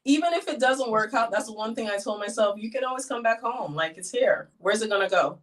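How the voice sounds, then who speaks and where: A middle-aged woman from the United States talks as an interview guest and tells her story animatedly. She acts out what people said along the way. Her voice sits on the higher side and sounds a bit distant from the mic. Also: animated, brisk, background noise. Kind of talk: casual interview.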